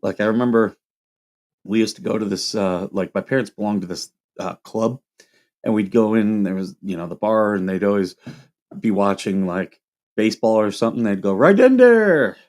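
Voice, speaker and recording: A man's voice: lowish voice, fairly even intonation, normal speed, darkish tone. Rambling Midwestern man chatting with viewers. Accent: Midwestern, Ohio. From Toledo, Ohio. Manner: rambling, chatty, reacts to chat comments. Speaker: livestream host. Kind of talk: casual livestream chat with viewers.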